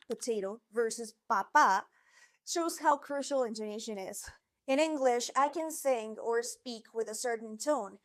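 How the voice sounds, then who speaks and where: A woman's voice: sits high, no echo. Upbeat woman teaching in a dry close mic. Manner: enthusiastic, conversational, drops in Spanish words. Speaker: Spanish teacher and video host. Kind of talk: scripted explanatory lesson.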